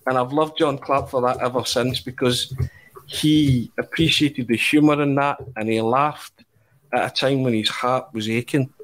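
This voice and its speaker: Man telling a lively anecdote. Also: mid-range voice, moderate pace. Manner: animated anecdote teller, chuckling. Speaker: journalist. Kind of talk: podcast storytelling.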